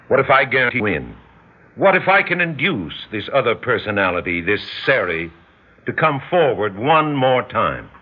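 A man's voice: mid-range voice, sing-song, normal speed, husky. A man playing an insistent, probing psychologist in an old radio drama, talking in an intense, persuasive way. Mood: urgent. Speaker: doctor and hypnotist. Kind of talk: 1950s radio drama acting. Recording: dull lo-fi old radio recording.

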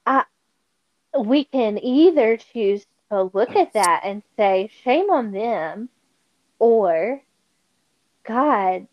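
A woman with a fairly high voice draws out her words and pauses often, heard through a muffled recording. As a podcast guest in a casual conversation about faith, she tells stories animatedly and acts out the voices of the people she quotes.

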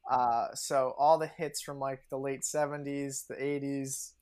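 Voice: medium pitch, little pitch movement, unhurried, darkish tone. Chatty young guest who laughs often. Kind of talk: casual podcast interview.

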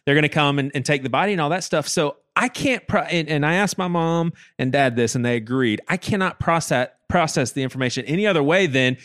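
A man hosting a podcast, telling a personal story in casual chat, animated and quick to act out what people said, often restarting and repeating his words. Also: fairly high pitch, no echo, clean studio sound.

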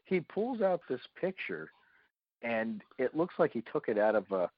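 A man in an interview, spinning casual, animated stories with lots of fillers. His voice sits mid-range, and the recording is dry and a bit dull. He talks like an eager storyteller. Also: mid-range voice, moderate pace, dry recording. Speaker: paranormal investigator guest.

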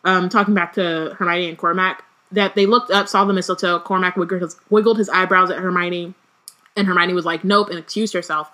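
Chatty young woman with a bright voice. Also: lowish voice, steady tone. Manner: chatty, quick asides, frequent "like". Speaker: podcast co-host. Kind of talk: casual book discussion and reading aloud.

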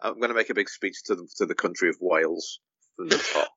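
A man, a podcast guest, chatting casually about football in a halting, hesitant way. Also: low-pitched, bright, forceful tone, no echo, lo-fi sound. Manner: hesitant, many fillers and restarts.

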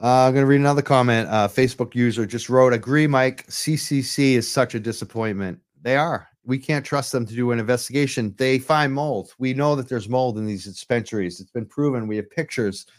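A man's voice: mid-range voice, brisk, hardly any pauses. A man from hosting a live-streamed talk show from home, speaking with urgent, impassioned advocacy into his computer mic while on camera. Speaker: livestream show host. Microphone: computer mic while on webcam.

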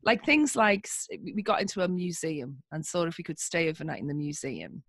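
This Liverpool woman, a social engineer appearing as a podcast guest, tells stories in a chatty, casual interview style, laughing often and filling pauses with ums. Her Scouse-accented voice is fairly low, brisk and a bit bright, slightly rough, with lively intonation and no room sound.

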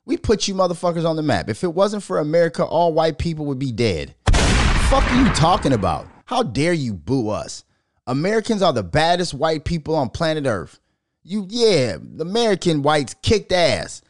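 A man from Minnesota hosting his own podcast, talking casually, swearing a lot and riffing into animated rants. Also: fairly high pitch, moderate pace, dry recording, studio quality. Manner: profane, animated, riffing and ranting. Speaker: podcast host. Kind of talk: casual solo podcast rant.

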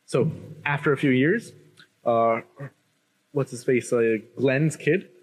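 A young man tells a long comic plot in casual podcast chat. He rambles, stacks up fillers and curses freely, at an everyday medium pitch. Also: slow, husky. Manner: rambling, filler-heavy, profane storytelling. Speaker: podcast co-host.

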